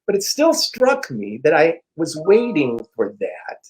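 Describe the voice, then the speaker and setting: A middle-aged man, an interview guest and personal growth teacher, telling a story in a frank, profane, animated way and acting out the dialogue. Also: a little high, measured pace, low-quality recording. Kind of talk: casual storytelling.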